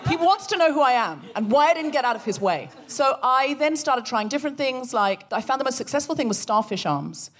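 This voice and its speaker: A woman co-hosting a live comedy podcast, telling a story with animated energy and acting out the voices of the people in it. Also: high-pitched, a little fast, few pauses. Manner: animated, acts out quoted voices. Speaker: podcast co-host. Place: live theatre show.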